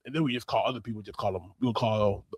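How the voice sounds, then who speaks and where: A man from South Florida co-hosting a podcast, telling animated stories and putting questions to the audience. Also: fairly low pitch, fast, breathy edge. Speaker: podcast co-host. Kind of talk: casual chat.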